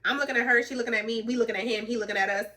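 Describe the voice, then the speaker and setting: A woman trucker in training, telling a story in a casual vlog with animated, chatty retelling, slang and some swearing. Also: a little high, rapid-fire, distant mic.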